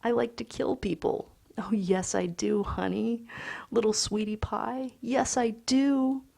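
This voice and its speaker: Cold young banker man cooing in raised, sing-song baby talk, played by a woman; gravelly and husky. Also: a little high, fairly even intonation, slow pace, mellow, voice pushed up, full character voice. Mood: creepy cooing.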